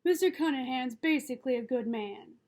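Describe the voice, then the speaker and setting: Lady reading as a calm patient dad, steady and reasoning, kinda high voice. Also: a little fast, close to an everyday voice. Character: calm, wise middle-aged father and lawyer.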